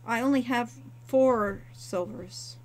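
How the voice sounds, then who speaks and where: A woman's voice: fairly high pitch, takes it slowly. A woman voicing an earnest young male orphan training to be a hero, eager and pleading, with frequent stammers. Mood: awkward.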